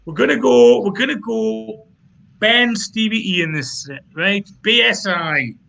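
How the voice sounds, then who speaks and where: High, gravelly Geordie man. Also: unhurried, pushed and bright. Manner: teasing, chatty, self-mocking. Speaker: host of a pun contest. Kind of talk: casual banter.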